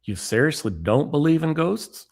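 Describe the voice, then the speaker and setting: Man doing a Southern US accent, earnest ghost-believing buddy, insistent, sincere, a bit high. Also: big pitch swings, normal speed, vocal fry, darkish tone, exaggerated voice. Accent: Southern US, put on.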